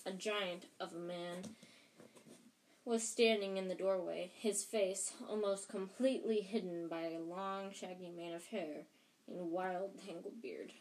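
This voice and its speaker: A woman's voice: lowish voice, fairly even intonation, a little slow, a little mellow, slight background noise. A woman reading a children's novel aloud for her podcast, in a plain, unpolished style with frequent restarts. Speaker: audiobook reader and podcast host. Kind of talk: casual audiobook reading.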